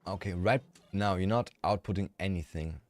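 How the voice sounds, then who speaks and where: A man's voice: low voice, moderate pace. A man from Germany with a German accent, chatting casually with viewers on a livestream in a rambling, frank and profane way.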